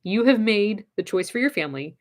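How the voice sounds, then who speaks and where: A woman's voice: mid-range voice, expressive, brisk. Direct, encouraging woman giving advice. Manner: encouraging, direct, repeats her key phrases. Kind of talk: casual advice talk.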